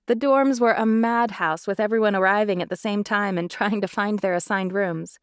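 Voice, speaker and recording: A woman reading as a calm young woman recruit, friendly and level, a touch higher than plain narration. close, dry audiobook sound. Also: normal speed, smooth, no echo, natural voice.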